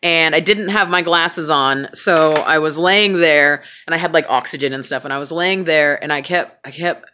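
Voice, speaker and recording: A woman vlogger with a low voice speaks at normal speed with few pauses, her tone bright and forceful over a slight hiss or hum. She tells a personal story casually and candidly, swearing freely and joking at her own expense.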